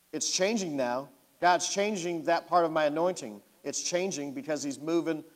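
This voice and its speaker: A man, preaching and telling a story from his own life, asking the congregation questions directly. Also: a little high. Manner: animated, talks to the congregation directly. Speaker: pastor. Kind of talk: sermon storytelling. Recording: long hall reverb.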